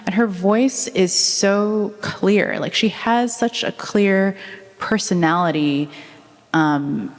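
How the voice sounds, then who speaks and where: A woman author answering questions onstage at a public talk, telling stories in a chatty, animated way with frequent ums. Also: medium pitch, slow pace. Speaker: author guest at a book talk. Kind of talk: conversational onstage interview. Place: public talk at a museum event. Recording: echoey hall reverb.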